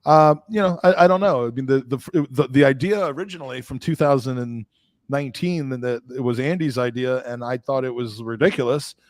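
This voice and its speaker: Animated, self-mocking man on a podcast. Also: mid-range voice, brisk, dry recording. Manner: animated, self-deprecating, stumbling restarts. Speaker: podcast co-host. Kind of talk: casual chat.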